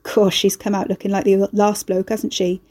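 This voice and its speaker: A woman narrator puts on a sly neighbour man in a dark storybook tale. He is cocky and slangy, needling the heroine with mock innocence. The voice stays mellow and soft-edged. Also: high voice, monotone, normal speed. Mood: teasing. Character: sly teasing male neighbour, cheeky and mocking.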